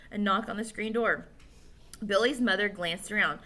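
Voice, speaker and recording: A woman reading a children's novel aloud with animated storytelling. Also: medium pitch, brisk. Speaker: narrator.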